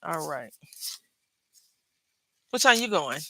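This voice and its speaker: A woman's voice: sits low, big pitch swings, slow pace, creaky, very noisy. A woman chatting to her viewers about her day while she works on a craft project, telling stories as she goes. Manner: chatty storyteller, drifts between crafting and anecdotes; talks to viewers directly. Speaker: craft vlogger. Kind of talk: casual chat while crafting.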